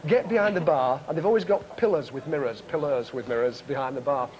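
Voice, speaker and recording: A man's voice: a little high, a little fast, lo-fi sound, slight background noise. A man hosting a comedy magic show, talking to camera and to passers-by in cheeky, chatty, joking street patter outdoors.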